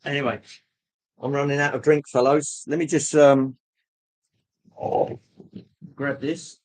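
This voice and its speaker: A man hosting a casual livestream, chatting with viewers in a rambling, jokey way with frequent pauses. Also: mid-range voice, little pitch movement, a little mellow, rough recording. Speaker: livestream host.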